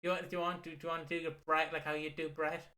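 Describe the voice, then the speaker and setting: A man's voice: fairly high pitch, level tone, racing, pushed and bright. A man co-hosting a casual wrestling podcast, recapping in a rambling way, swearing and laughing at his own stories. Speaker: podcast co-host. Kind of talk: casual chat about wrestling.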